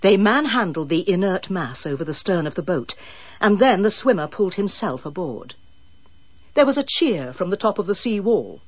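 A woman reading an audiobook in measured, dramatic storytelling. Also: lowish voice, very animated, breathy edge, no room sound, muffled recording. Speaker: audiobook narrator. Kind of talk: scripted narration.

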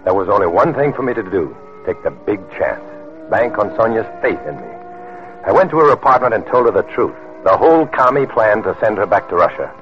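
Undercover agent narrator, low, animated, faint music, lo-fi old radio. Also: male voice. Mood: narrating. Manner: brisk, earnest storytelling. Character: wry undercover male agent. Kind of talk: 1950s radio drama narration and acting. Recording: dull lo-fi old radio recording.

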